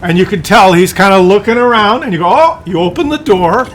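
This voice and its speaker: A man's voice: sits high, animated, fast talker, fairly bright tone, slight background noise. A man ranting in a rambling, profane monologue, full of fillers and restarts. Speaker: streamer.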